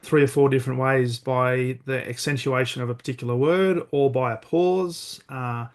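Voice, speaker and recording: Guy hosting a podcast, asks long rambling questions, mid pitch. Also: steady tone, normal speed. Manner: thoughtful, supportive, restarts often. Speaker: podcast host. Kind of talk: interview questions.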